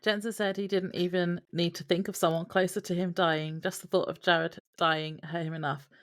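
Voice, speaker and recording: A woman's voice: on the low side, flat delivery, normal speed. A woman co-hosting a podcast, summarizing episode events from her notes with wry asides. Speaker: podcast co-host. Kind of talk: casual podcast chat.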